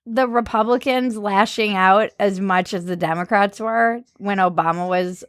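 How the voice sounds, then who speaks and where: A woman's voice: medium pitch, normal speed, clear, resonant tone, no room sound, studio quality. A woman in her thirties hosting a comedic chat, sarcastic and laughing often. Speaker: host.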